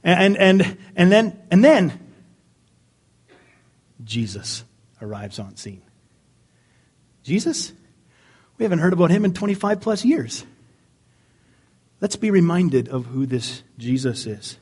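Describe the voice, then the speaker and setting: A man preaching a sermon as pastor, animated, swinging from near-yelling down to quiet asides. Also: high voice, a little slow, husky. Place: church sanctuary.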